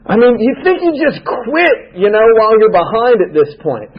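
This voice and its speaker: A man's voice: high voice, big pitch swings, normal speed, slightly rough. A man speaking at a recovery meeting, telling a humorous personal story and acting out his own dialogue in a wry way. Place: club meeting room. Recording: dull lo-fi meeting recording.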